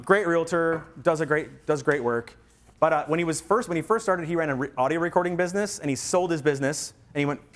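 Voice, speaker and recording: A man giving a workshop talk to real estate agents, telling stories and acting out quoted voices with energy. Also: fairly high pitch.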